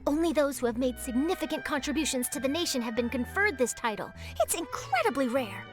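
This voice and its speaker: Nosy young reporter, high voice, lively and theatrical, game music behind. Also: female voice, a little fast. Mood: eager. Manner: theatrical, gossipy, mutters asides to herself. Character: nosy young female newspaper reporter, eager for scoops. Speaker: journalist.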